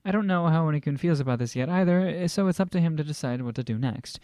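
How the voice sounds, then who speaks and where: A man's voice: on the high side, fast talker, dark tone, no room sound, studio quality. Man casually reading a novel aloud. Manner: reads aloud with frequent restarts, laughs and joking asides. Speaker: amateur novel reader.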